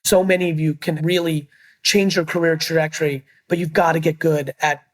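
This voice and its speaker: A middle-aged man talks business in an emphatic, blunt voice. His pitch sits a little high for a man, and he swears casually as he pushes his points. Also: little pitch movement, fairly quick. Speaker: guest, entrepreneur. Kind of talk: energetic business interview.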